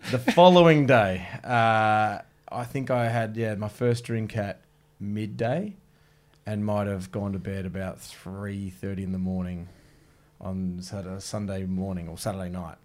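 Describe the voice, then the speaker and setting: A man's voice: fairly low pitch, steady tone, measured pace. A man co-hosting a podcast, easygoing in casual chat, often chuckling as he chimes in. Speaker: podcast co-host. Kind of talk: casual banter.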